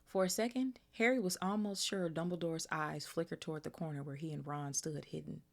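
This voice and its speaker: Lady host reading a novel out loud, chatty excitable asides, deep for a woman. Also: fairly quick, creaky. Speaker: podcast host reading aloud. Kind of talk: reading aloud with reactive commentary.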